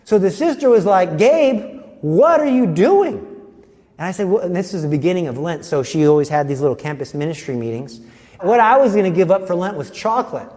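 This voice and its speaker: A man's voice: a little high, expressive, fast talker, darkish tone, in a large hall. A man giving an earnest personal faith testimony, telling his story vividly.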